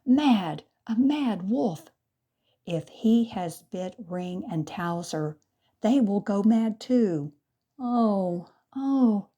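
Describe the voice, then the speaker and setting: A woman voicing an excitable, boastful young boy who shouts when he is worked up. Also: mid-range voice, very slow, voice pushed up. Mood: excited.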